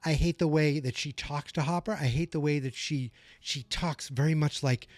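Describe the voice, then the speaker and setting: A man hosting a solo podcast, recapping a TV episode and getting animated and worked up as he vents. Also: a little high, moderate pace, dry recording. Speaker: podcast host.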